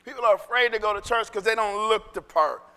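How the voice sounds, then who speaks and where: A male pastor preaching a sermon in an animated, conversational way that swings into shouting. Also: high-pitched, fairly quick, clear, resonant tone, in a large hall.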